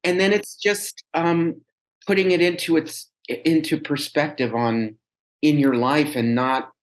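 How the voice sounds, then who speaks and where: A man talking as a podcast guest, telling a personal story in an animated, rambling way. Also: on the high side, measured pace. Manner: animated, chatty, rambling with restarts. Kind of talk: casual storytelling chat.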